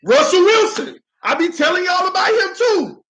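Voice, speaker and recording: A man's voice: very high voice, animated, moderate pace, a bit bright, poor audio. A man reacting to a football game on a live stream, calling plays and dramatically groaning and laughing at viewer comments.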